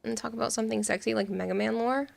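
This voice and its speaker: A woman's voice: fairly high pitch, steady tone, fast, creaky. A young adult woman streaming from home on a studio mic, chatting casually and playfully, laughing often and teasing her chat. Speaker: game streamer. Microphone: studio mic with pop filter.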